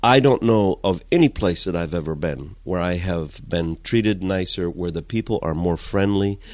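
A man, a guest in an interview, telling comic stories in an animated way, going from loud to hushed. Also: sits low, normal speed, dry recording. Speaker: guest, comedic storyteller. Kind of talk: casual interview chat.

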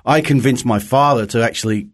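A man's voice: medium pitch, fairly quick. A Scottish-accented man in his sixties, a pastor and songwriter, telling stories cheerfully in an interview with chuckles and restarts. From Scotland. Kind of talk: casual interview chat.

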